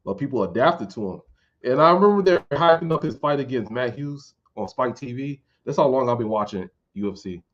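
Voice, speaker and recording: A man's voice: medium pitch, animated, brisk, muffled recording. A man vlogging casual fight commentary in a rambling, informal way with some swearing.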